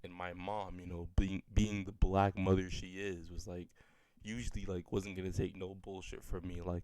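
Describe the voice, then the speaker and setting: Deep-voiced young man rambling through a story. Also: flat delivery, normal speed, a little mellow, no room sound. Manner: rambling, profane, full of "like" fillers. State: slightly sick, voice a bit off. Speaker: storyteller vlogger. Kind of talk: casual storytelling.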